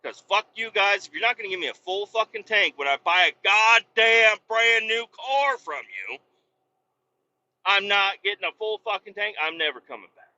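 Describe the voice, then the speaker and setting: A man's voice: high-pitched, expressive, normal speed. Swearing man ranting in a truck cab. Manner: heated, swearing, bursts into yelling. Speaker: podcast host. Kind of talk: profane ranting monologue. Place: cab of a semi truck while driving. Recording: dull lo-fi recording.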